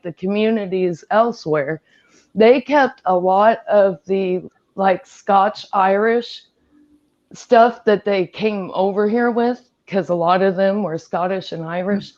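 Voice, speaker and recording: A woman's voice: medium pitch, darkish tone, highs cut off. A woman from Appalachia chatting frankly as a guest on a livestream. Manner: frank, chatty, laughs easily. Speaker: guest panelist. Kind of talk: casual chat.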